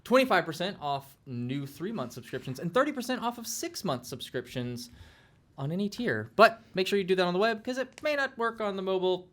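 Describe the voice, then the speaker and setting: Bright-voiced man hosting a tabletop show. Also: high voice, sing-song, a little fast. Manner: loose and joking, plugging sponsors offhandedly. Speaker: game master and host. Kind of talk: casual show intro with sponsor reads.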